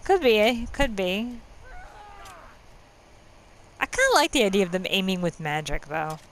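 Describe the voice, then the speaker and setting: A woman's voice: mid-range voice, lively intonation, measured pace, fairly bright tone, slight background noise, poor audio. A woman hosting a let's-play, talking in a chatty, musing way and laughing often while she plays. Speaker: gaming channel host.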